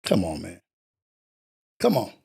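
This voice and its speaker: A man's voice: deep voice, wildly swooping pitch, takes it slowly, gravelly, dark tone, husky. A man hosting a commentary show, talking emphatically in with rhetorical questions. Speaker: show host. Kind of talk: commentary on played clips.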